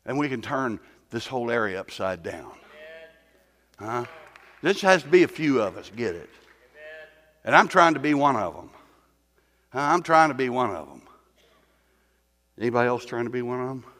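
A man's voice: mid-range voice, lively intonation, moderate pace, long pauses, a bit bright, in a large hall. A man preaching a sermon as pastor, talking in a folksy way, with rhetorical questions and stumbling repeats.

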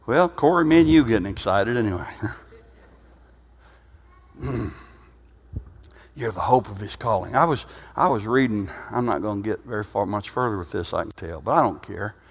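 A man in his sixties preaching an informal sermon, rambling and conversational with frequent "huh?" asides, swinging from quiet, low musing to loud, emphatic bursts. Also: expressive, normal speed, pauses often, slightly rough. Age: 60s. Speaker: pastor. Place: church sanctuary. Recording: reverberant church hall.

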